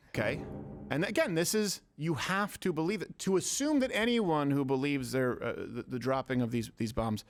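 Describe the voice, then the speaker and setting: A man hosting a political talk show, arguing his points and cracking jokes with co-hosts. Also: mid-range voice. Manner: argumentative, joking, reads quotes aloud. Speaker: show host.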